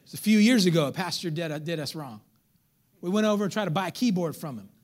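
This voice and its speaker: This man's voice is on the high side and he talks fast. As pastor, he preaches an animated sermon in church, trading jokes with the congregation and mimicking its members.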